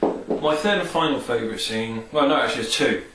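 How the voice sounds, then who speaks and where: A vlogger with a medium-pitched, fairly bright voice talks a little fast, chatting casually and enthusiastically about favourite film scenes in a rambling way, full of fillers. It's a casual film and game review, recorded from a distance off-mic in an echoey room with faint hiss.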